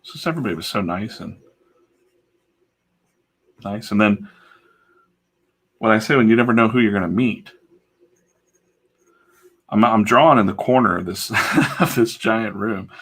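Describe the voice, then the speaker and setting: A man's voice: on the low side, normal speed, long pauses, a bit bright, slightly rough. A man who livestreams himself drawing comics, telling a rambling, casual story full of fillers and asides. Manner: chatty, digressive, full of fillers.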